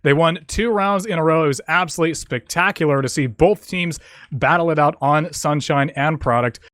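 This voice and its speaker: A man giving steady, analytical color commentary as an esports caster, leaning on fillers. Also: a little high, brisk, dry recording, clean studio sound. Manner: steady explaining, many fillers like kinda.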